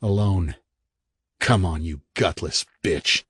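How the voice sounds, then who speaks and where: A man voicing a desperate young husband who shouts in terror, ragged and high. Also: takes it slowly, breathy edge, dry recording, clean studio sound, heavily acted. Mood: taunting. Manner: ragged shrieking, pitched high.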